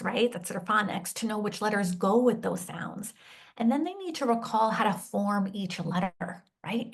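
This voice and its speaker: A woman educator leading a teacher workshop. She presents with a warm, encouraging teacher tone and ends many points with a questioning "right?". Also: medium pitch. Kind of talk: instructional presentation.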